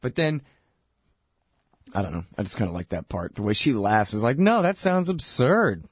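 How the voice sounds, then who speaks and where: A man's voice: on the low side, expressive, moderate pace, breathy edge, no echo. A man hosting a radio show, delivering sarcastic, mocking political commentary.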